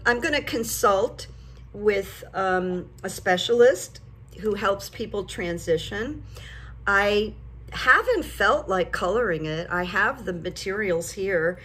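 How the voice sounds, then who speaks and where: Chatty older woman vlogging. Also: medium pitch. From United States. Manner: chatty, storytelling, animated when retelling. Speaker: vlogger and psychic coach. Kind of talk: casual talk to camera.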